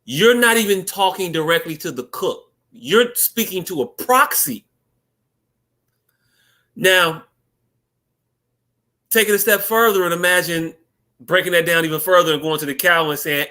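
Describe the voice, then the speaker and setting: High bright-voiced male podcast co-host. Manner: animated, joking, drawn-out storytelling. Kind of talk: casual podcast banter.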